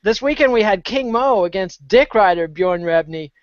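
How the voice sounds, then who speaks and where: A man's voice: sits high, expressive, normal speed, dry recording. A man co-hosting a casual talk show, trading wry, profane banter. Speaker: podcast co-host. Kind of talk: casual chat. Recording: dry, dull lo-fi sound.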